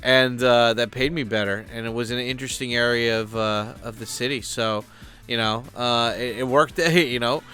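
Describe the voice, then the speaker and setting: A man's voice: medium pitch, fairly even intonation, normal speed, bright, forceful tone, clean tone, faint music behind. A man giving loose, rambling commentary as a YouTube host, full of fillers and casual swearing.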